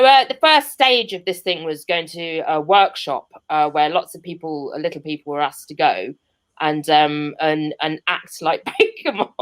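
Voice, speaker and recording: A woman's voice: mid-range voice, fairly bright tone. A young woman from Birmingham with a Birmingham accent doing a chatty, rambling stand-up set over a video call from her home, full of ums and self-mocking laughs. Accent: Birmingham English. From Birmingham, England. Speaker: stand-up comedian. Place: seated at home.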